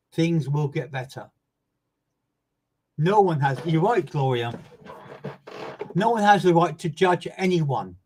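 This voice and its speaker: A man's voice: a little high, darkish tone, slightly rough, low-quality recording. Earnest man giving readings. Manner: earnest and emphatic, repeats words and phrases for stress. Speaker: medium. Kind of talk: live online mediumship reading addressing viewers by name.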